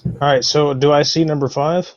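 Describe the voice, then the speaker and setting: A man's voice: a little high, steady tone, moderate pace, dry recording, dull audio. A man playing a tabletop game, eagerly describing his character's actions in dramatic terms. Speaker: player.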